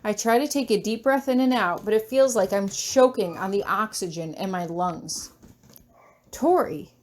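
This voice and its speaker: A woman reading a fan fiction story aloud in the first person, expressive in her delivery. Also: moderate pace. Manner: expressive, shrill when shouting. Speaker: audiobook reader of fan fiction.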